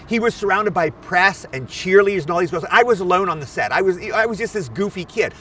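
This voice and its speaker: A man's voice: high-pitched, fast, distant mic, slight background noise. A man in his sixties, an actor guest eagerly telling anecdotes outdoors. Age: 60s. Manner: animated, eager storyteller. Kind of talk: anecdotal storytelling. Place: outdoors at a film location.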